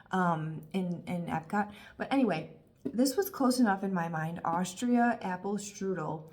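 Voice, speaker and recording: A woman in her thirties talking casually and warmly about candles, gushing and chatty with lots of fillers. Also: mid-range voice. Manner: gushing, emotional, talkative with frequent fillers. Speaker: candle reviewer. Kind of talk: casual review vlog.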